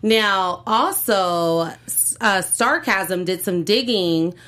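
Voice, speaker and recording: A woman's voice: mid-range voice, slow, fairly bright tone. A woman co-hosting a casual entertainment news show, chatty and loose, often laughing along. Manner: chatty, hedging with fillers and laughs. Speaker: co-host.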